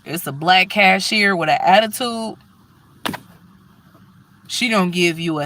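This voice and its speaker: A woman telling stories in a casual, profane, animated rant to her viewers. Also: on the low side, takes it slowly, pauses often, a little hiss or hum. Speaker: vlogger.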